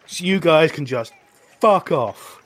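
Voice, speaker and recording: A brash, battle-scarred warrior woman, as a male game master puts her on, swearing and defiant. The voice is pushed well above his own in pitch. It comes across loud and slow, like a tabletop role-play figure. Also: lively intonation, husky, heavily acted. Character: large scarred Nord warrior woman, brash and foul-mouthed.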